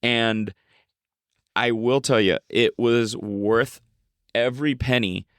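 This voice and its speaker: A man's voice: medium pitch, steady tone, slow pace, fairly bright tone, smooth, no room sound, clean studio sound. A man co-hosting a podcast, chatting casually with a rambling, joking manner. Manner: rambling, joking, lots of fillers and restarts. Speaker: podcast co-host. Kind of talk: casual chat.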